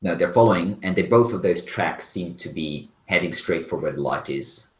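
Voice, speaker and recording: A man narrating a tabletop game as game master, describing scenes in a halting, detailed way. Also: low-pitched. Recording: roomy echo.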